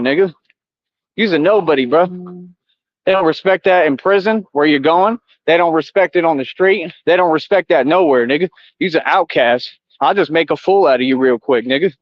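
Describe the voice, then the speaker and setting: A man's voice: sits high, no echo. A middle-aged man streaming live outdoors, taunting his chat in a confrontational, repetitive rant. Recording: dull lo-fi, dry.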